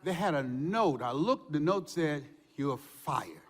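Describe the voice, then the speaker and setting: An older man giving a motivational speech, telling stories with shouts and laughter. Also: on the high side, unhurried, noisy background. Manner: animated storytelling with shouts and laughs. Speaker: motivational speaker. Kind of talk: motivational speech to a live audience. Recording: hall reverb.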